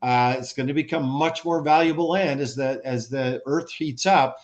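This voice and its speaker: Over a video call, a former American ambassador gives an animated, conversational expert talk full of rhetorical questions and frequent restarts. His voice sits at a medium pitch and moves at a moderate pace, and the audio sounds dull.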